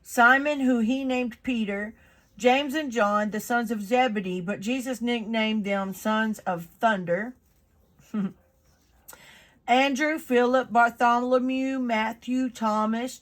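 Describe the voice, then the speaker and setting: A woman, reading the Bible aloud and reflecting on it in a chatty, earnest way with many fillers. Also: on the high side.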